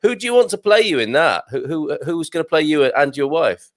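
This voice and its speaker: A man's voice: a little high, sing-song, no room sound. A man hosting a live show, chatting and reading out viewer comments with plenty of restarts. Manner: chatty, halting, with many restarts. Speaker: host.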